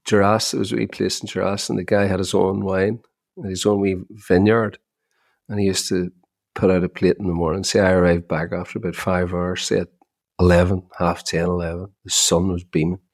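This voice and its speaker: A middle-aged man, co-hosting a chat podcast as an animated storyteller who often repeats his opening words. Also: low voice, a little fast, vocal fry, dry recording, studio quality. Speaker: podcast co-host. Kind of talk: casual chat.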